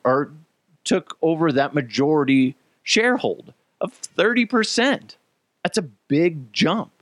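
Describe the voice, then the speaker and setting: A man hosting a podcast in casual opinion talk, animated and profane, drifting between tangents. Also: fairly high pitch, no echo. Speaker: podcast host.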